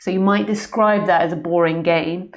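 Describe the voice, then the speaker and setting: A woman spiritual teacher giving a live-streamed talk from a room at home, earnest and searching, pausing often. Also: fairly low pitch, steady tone. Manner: earnest, searching, with pauses and ums.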